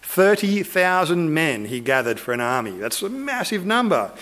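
A man gives a sermon, telling an old story with animated energy and quick asides. His voice sits high and light, and he drops into little character voices as he goes. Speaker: preacher.

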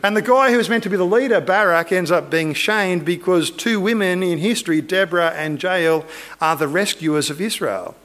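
A preacher delivers a sermon, retelling an old story with animated energy and quick asides. His voice is high and light, and he slips into little character voices along the way.

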